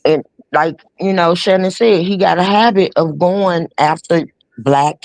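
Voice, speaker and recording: A woman's voice: on the low side, unhurried, darkish tone, no room sound. A woman, giving blunt, emphatic opinions in casual chat.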